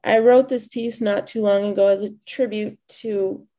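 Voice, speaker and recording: A woman's voice: medium pitch, steady tone, moderate pace, dark tone, close to an everyday voice. A woman voicing a nervous, slightly tipsy young male poet in her own story reading, speaking hesitantly.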